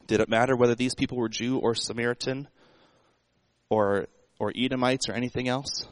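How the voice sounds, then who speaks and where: A man's voice: mid-range voice, steady tone, a little fast, no echo, low-quality recording. A man preaching a sermon in a conversational way, asking the congregation rhetorical questions. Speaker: pastor.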